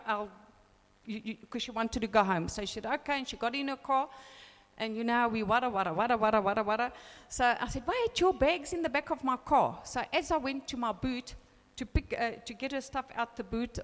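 A woman in her fifties giving a personal testimony, telling an animated story and acting out the dialogue. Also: a little high, big-room sound.

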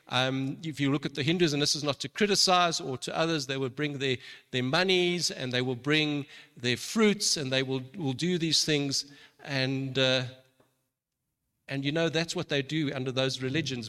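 A man's voice: on the high side, moderate pace, bright, forceful tone. A man preaching a sermon in an earnest way, often restarting and repeating words. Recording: long reverb of a large hall.

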